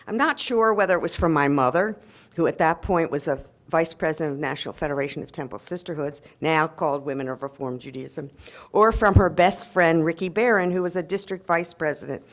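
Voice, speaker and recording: An older woman giving an emotional, reminiscing award acceptance speech to an audience at a convention, with frequent ums and laughs. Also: low voice. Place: convention hall before an audience.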